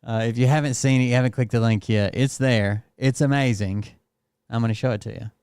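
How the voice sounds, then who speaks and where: A man's voice: mid-range voice, fairly even intonation, fairly quick, a little mellow, clean tone, no room sound, clean studio sound. A man hosting a casual show, talking in a loose, rambling and profane way. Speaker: host. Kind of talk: casual chat.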